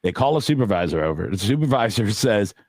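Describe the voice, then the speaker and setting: A man's voice: lowish voice, big pitch swings, fast talker, a little mellow, no room sound. A man on a poker podcast, telling a story in a casual, rambling way with many fillers and acted-out quotes.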